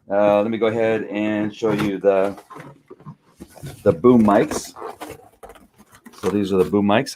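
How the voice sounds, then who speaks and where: A man's voice: on the low side, slight background noise. Chatty breathless man unboxing at his desk. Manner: rambling, chatty, many fillers and restarts. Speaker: vlogger unboxing a gift. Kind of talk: casual live-stream unboxing. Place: home studio.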